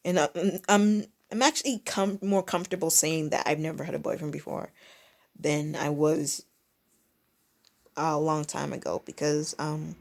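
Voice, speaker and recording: Her voice steady and gravelly at a normal pace, a young female vlogger rambles through a story. She keeps cutting herself off to restart sentences and imitates people with sudden high, squeaky voices.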